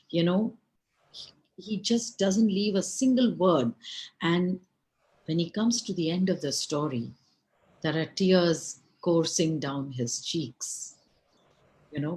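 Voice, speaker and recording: A woman storyteller telling a folk tale in an unhurried, expressive way, with asides to her listeners. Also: fairly low pitch, rough recording.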